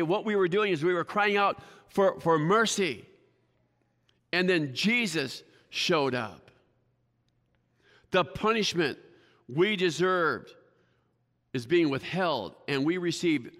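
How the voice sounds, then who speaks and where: A man with a fairly high voice preaches to his congregation, chatty and self-deprecating, tossing in "right?" as he goes. His voice rings with a long reverb from a church sanctuary. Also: a bit bright. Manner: conversational, keeps asking the congregation "right?". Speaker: pastor. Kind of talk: sermon.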